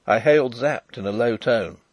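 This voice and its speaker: A man narrating a novel chapter aloud in a measured, expressive reading. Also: mid-range voice, no echo. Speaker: audiobook narrator.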